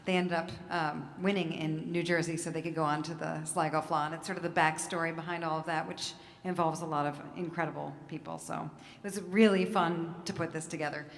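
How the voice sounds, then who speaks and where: A woman's voice: low-pitched, level tone, a little fast, vocal fry, hardly any pauses, in a large hall. A woman folk musician chatting casually from the stage between songs at a live concert. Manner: chatty and casual, with loose filler words. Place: concert venue at a music festival.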